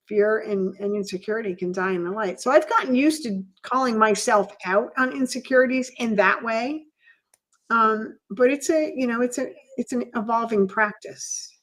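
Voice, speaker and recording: A woman's voice: fairly high pitch, moderate pace. A middle-aged woman co-hosting a podcast, speaking in a candid, reflective way and leaning often on "you know". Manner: reflective, open, with many "you know" fillers. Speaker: podcast co-host.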